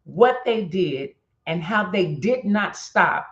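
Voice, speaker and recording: A woman hosting a daily devotional video, chatting excitably with bursts of laughter and then praying slowly and earnestly. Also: on the low side. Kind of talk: casual chat and spoken prayer. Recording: roomy, dull lo-fi sound.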